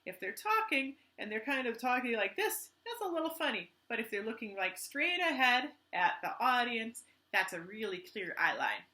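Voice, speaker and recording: A woman teaching artist leads a children's art lesson, enthusiastic and gently instructive. Her voice is bright and animated and pitched a little high. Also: moderate pace, hardly any pauses.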